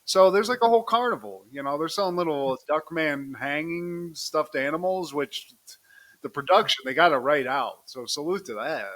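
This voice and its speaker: A man's voice: a little high, normal speed, fairly bright tone. A man co-hosting a podcast, recapping a cartoon episode in a casual, profane, joking way and keeping his co-host in the conversation.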